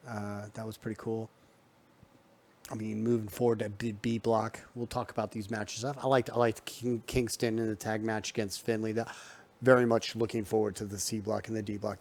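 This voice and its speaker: A man's voice: on the low side, a little mellow. A man giving a casual, loose recap of wrestling matches, full of ums and restarts, recorded at home. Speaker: wrestling show reviewer.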